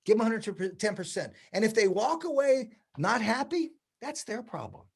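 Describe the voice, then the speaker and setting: A man in his sixties, a hairdressing educator, telling stories in a casual interview and acting out the quoted dialogue with lively energy. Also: sits high, normal speed, vocal fry, slightly rough. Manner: animated, acts out quoted dialogue.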